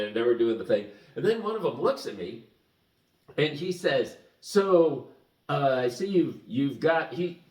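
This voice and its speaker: A man telling a story to the camera in a casual, animated way, chuckling as he goes. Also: medium pitch. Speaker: vlogger. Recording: echoey room, mic at a distance.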